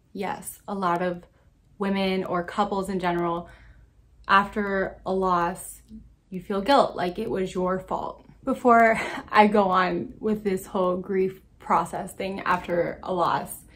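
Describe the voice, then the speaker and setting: Earnest woman vlogger speaking to camera. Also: medium pitch. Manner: earnest, supportive, speaks directly to the viewer. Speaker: vlogger sharing personal experience. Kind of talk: casual talking-to-camera vlog.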